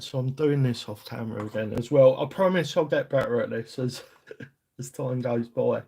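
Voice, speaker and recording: A middle-aged man with a London accent talks slowly to his stream viewers while working at a bench. His voice has a gravelly, creaky texture, and he rambles in a chatty, self-deprecating way. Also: medium pitch, lively intonation, darkish tone, slight background noise. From England. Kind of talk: casual live-stream chat while working on a workbench.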